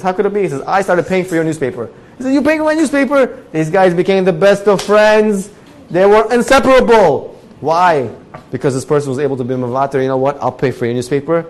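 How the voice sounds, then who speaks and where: A man giving a Torah class, telling a story and acting out the characters with lively swings in voice. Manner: animated storyteller, acting out characters with big jumps in pitch and loudness.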